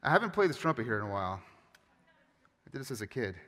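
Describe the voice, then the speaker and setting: A man preaching a sermon as pastor, with animated, emphatic storytelling and frequent restarts. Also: mid-range voice, quick pace. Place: church sanctuary. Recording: long hall reverb.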